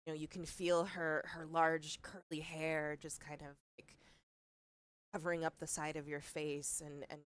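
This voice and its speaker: A woman as game master, narrating scenes in a tabletop game with slow, measured delivery. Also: deep voice, flat delivery, clean tone, no echo.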